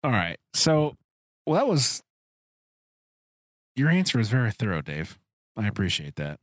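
A man's voice: mid-range voice, wildly swooping pitch, unhurried, dry recording. A man hosting a podcast, asking long, rambling, searching questions in a casual chat. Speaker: podcast host. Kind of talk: casual conversational interview.

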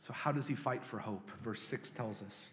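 A man preaching as a pastor, earnest, moving between loud pleading lines and soft hushed ones. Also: mid-range voice, moderate pace. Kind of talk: sermon. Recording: long hall reverb.

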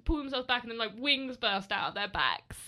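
A young woman co-hosting a casual chat, excitable and gushing, laughing often. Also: a little high, fairly quick. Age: young adult. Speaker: podcast co-host.

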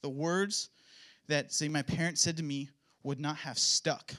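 A young man speaks at church about his upbringing, mixing earnest testimony with playful, self-mocking jokes. His voice sits a touch high and rings bright and clear. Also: fairly even intonation, measured pace. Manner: joking, self-mocking asides. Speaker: pastor's son giving a church talk. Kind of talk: casual sermon testimony.

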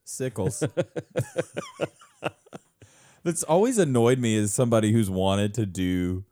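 Rambling low-voiced man, lively pitch. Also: takes it slowly. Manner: rambling, self-mocking, breaks into laughs. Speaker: podcast co-host. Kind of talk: casual comedic chat.

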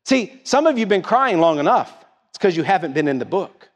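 This middle-aged pastor's voice sits high and is very animated and brisk, echoing with a long reverb tail through the church sanctuary. He preaches emphatically in a rising-and-falling call-and-response manner, peppering the congregation with questions.

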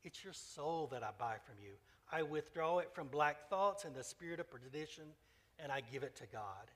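A merciful elderly bishop speaking with quiet solemnity, as read by a man. The voice sits slightly high. It carries a long hall reverb. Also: normal speed. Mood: gently solemn. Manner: calm, kindly, solemn.

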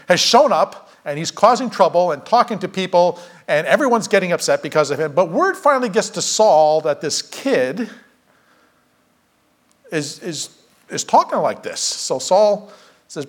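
A man's voice: on the high side, moderate pace. A man preaching a casual Bible story sermon, acting out the characters' lines as he tells it. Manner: animated, acts out characters' lines.

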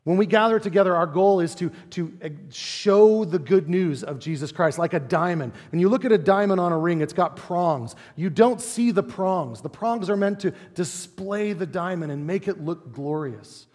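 A man's voice: sits high, moderate pace, hardly any pauses, a little mellow, long reverb tail. A pastor in his forties preaching a sermon in a conversational, playful way, often asking the congregation rhetorical questions. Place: church sanctuary.

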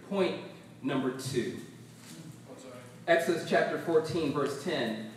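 A man preaching a sermon as pastor, animated and laughing often as he acts out the voices in the text. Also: on the high side, a little slow, distant mic, a little hiss or hum. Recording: very echoey hall, voice from off mic.

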